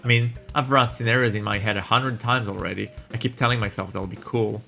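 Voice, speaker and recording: A man's voice: on the low side, steady tone, a little fast, vocal fry, sharp tone, faint music behind. A man voicing an anxious young college student who overthinks things, reading dialogue from a dating game. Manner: nervous, overthinking.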